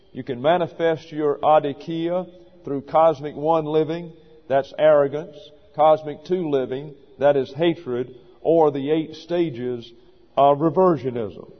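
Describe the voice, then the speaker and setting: An older male pastor gives a deliberate, point-by-point sermon in a somewhat higher voice. The sound is dull and muffled, and his words ring out with a long reverb, as if recorded from a large hall. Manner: measured, deliberate teaching delivery.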